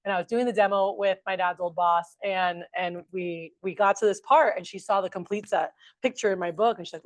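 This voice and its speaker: A woman's voice: mid-range voice, steady tone, a little fast, hardly any pauses, no echo. Chatty woman training a sales group. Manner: chatty, upbeat, addresses the group as "you guys". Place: meeting room with a large group.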